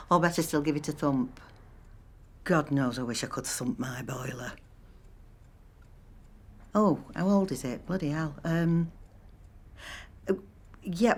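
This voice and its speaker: A talkative woman in her sixties, stuck on hold on the phone. She rambles on with a dry, wry humour, and her voice sits a little on the low side. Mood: polite, firm. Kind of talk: film monologue acting.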